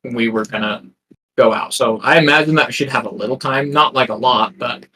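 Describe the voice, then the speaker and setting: Male player, bright forceful tone, direct and organizing. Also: medium pitch, moderate pace, rough recording. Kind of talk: tabletop game chat.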